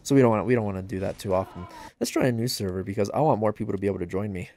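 A man casually commenting on a game livestream and reading chat aloud, joking at his own expense and yelping out loud during play. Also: rapid-fire, a little hiss or hum. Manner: excitable, bursts into high yelps during play; self-deprecating, joking. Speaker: gaming livestreamer.

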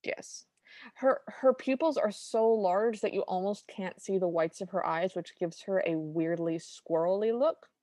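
A woman's voice: mid-range voice, a little slow, dark tone, no room sound. A woman co-hosting a podcast, recapping a cartoon in a wry, detailed, opinionated way. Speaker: podcast co-host. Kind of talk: casual chat recapping a film.

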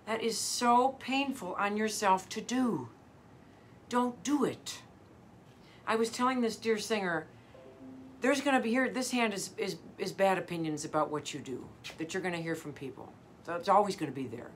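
A woman's voice: on the low side, a little hiss or hum. A middle-aged woman vocal coach giving a live motivational talk, earnest and emphatic, repeating her key phrases.

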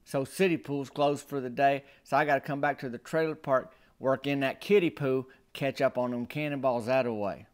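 A man telling a comic story in a folksy, animated drawl. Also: mid-range voice, normal speed, hardly any pauses, clear, resonant tone. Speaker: storyteller and comedian.

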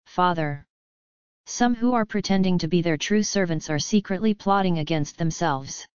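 A woman's voice: lowish voice, moderate pace, clean tone, no room sound, close to an everyday voice. A woman voicing a bold, anxious young princess questioning her father in an audiobook, urgent and questioning. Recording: slightly dull lo-fi audio.

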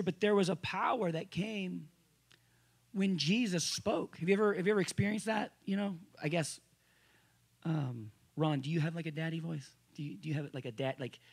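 A male pastor giving a conversational sermon to a congregation. He restarts phrases often and swings between loud emphasis and quiet asides. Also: high voice, creaky, husky. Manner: conversational preaching with frequent restarts. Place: church service room with a congregation.

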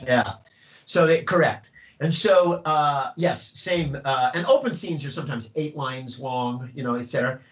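A middle-aged man, a drama teacher leading a workshop for other teachers, talking in an animated way and acting out student voices. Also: medium pitch, normal speed, low-quality recording.

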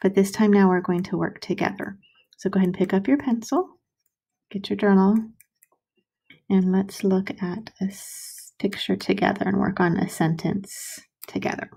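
Woman, first grade teacher, gravelly mellow voice, slow patient sounding out of syllables, faint clicks behind. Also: medium pitch, steady tone. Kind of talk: recorded writing lesson for young children.

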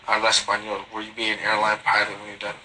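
A man's voice: lowish voice, monotone, fast, heavy background noise. A man casually chatting on a phone livestream, reading viewer comments aloud and answering them in slangy, swearing talk. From Guatemalan family. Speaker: livestreaming reality TV personality.

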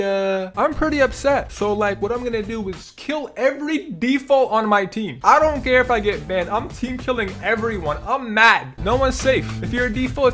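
A young man giving casual gameplay commentary, joking and mock-outraged, laughing often. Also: high-pitched. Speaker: gaming YouTuber.

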